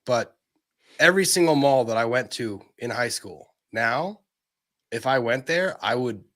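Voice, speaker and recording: A man's voice: mid-range voice, lively intonation, unhurried, a bit bright. A man from the Washington DC area, a guest in a casual chat, making blunt, emphatic points. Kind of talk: casual chat among friends.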